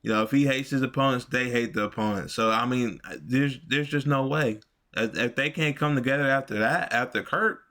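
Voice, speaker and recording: A man's voice: medium pitch, normal speed, a bit bright. A man hosting casual political commentary, rambling and profane with many fillers.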